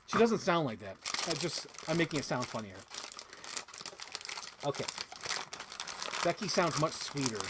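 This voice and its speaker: A man's voice: on the high side, sing-song, normal speed, long pauses, very noisy. A man chatting casually in an unboxing vlog, rambling with lots of "like" fillers and dropping into silly voices. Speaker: toy collector vlogger. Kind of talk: casual unboxing chat to a live chat.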